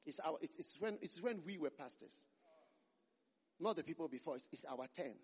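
High, husky preacher in reverb. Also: male voice, expressive, normal speed, a little mellow. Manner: emphatic, repeats phrases for force. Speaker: pastor. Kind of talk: sermon. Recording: long reverb in a large hall.

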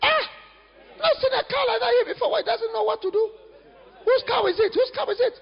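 A preacher, voicing an agitated man who shouts about a stray cow. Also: extremely high pitch, brisk, creaky, a faint crowd, voice pushed up. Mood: alarmed. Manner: shouting, excited. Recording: echoey hall, dull lo-fi sound.

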